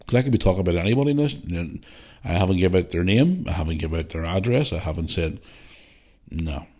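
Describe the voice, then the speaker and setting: A man's voice: deep voice, expressive, fast, darkish tone. A Northern Irish man hosting a podcast, ranting bluntly and animatedly with heavy swearing. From Northern Ireland. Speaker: podcast host. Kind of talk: casual podcast rant.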